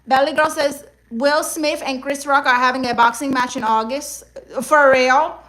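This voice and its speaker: Young woman, high-pitched, sharp bright tone, loud sassy comedic livestream chat, brash and exclamatory. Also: fairly even intonation, normal speed, low-quality recording. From Puerto Rico and Guatemala. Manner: loud, brash and exclamatory, mixing in Spanish slang. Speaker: livestream comedian reading viewer comments.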